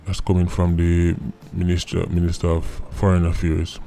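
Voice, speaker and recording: Jamaican man, vlog host, deep voice, sardonic, rhetorical, faint music behind. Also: completely flat delivery, normal speed, gravelly, mellow. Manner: sardonic and mocking, rhetorical questions. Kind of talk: political commentary vlog.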